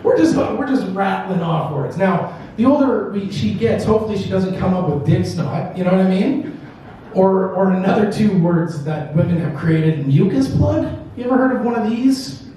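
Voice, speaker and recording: A man's voice: high voice, expressive, normal speed, mellow, slight background noise. A man performing a stand-up set, telling rambling, crude stories with loose punchlines. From Canada. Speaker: stand-up comedian. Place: comedy club stage. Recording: roomy venue, voice from a distance.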